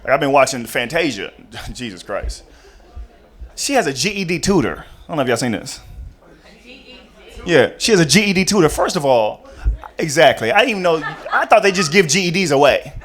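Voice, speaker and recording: A man's voice: on the high side, sing-song, fairly quick, a bit bright, some chatter behind. A young man doing a stand-up routine in a chatty, rambling way with many asides, speaking on a comedy stage into a handheld mic.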